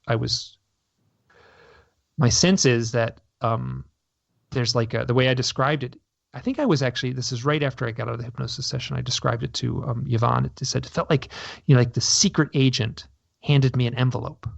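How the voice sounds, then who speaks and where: A man's voice: mid-range voice, flat delivery, a little fast, vocal fry, dry recording. A man telling his story in an interview, rambling and restarting his sentences as he talks. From North America. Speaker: guest. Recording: dull lo-fi radio audio.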